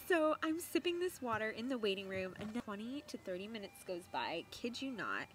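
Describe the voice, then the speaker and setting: A young woman vlogger telling a story to camera in a chatty, animated way, laughing often and repeating words for emphasis. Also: mid-range voice, moderate pace, hardly any pauses, a little hiss or hum.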